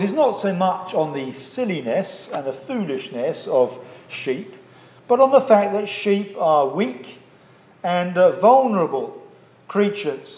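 A man preaching in a church with a fairly high voice. He speaks in a measured, earnest way and often pauses with "uh." The sound echoes around the room. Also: a little mellow. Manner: measured, earnest, with frequent "uh" fillers. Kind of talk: sermon.

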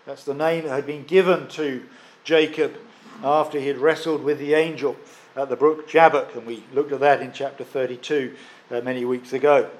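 A man preaching a sermon, emphatic, stressing and repeating key phrases with pauses. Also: mid-range voice, fairly even intonation.

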